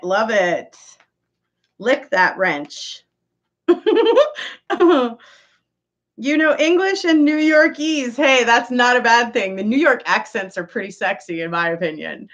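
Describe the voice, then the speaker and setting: Chatty woman with a lively, high voice. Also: muffled recording. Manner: chatty, laughs often, reads out viewer comments. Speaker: livestream host chatting with viewers. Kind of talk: casual live chat.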